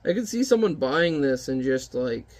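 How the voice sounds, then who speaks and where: A man's voice: mid-range voice, sing-song, normal speed, darkish tone. A man giving casual, wry commentary while reviewing an old comic book. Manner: wry, chatty, offhand remarks.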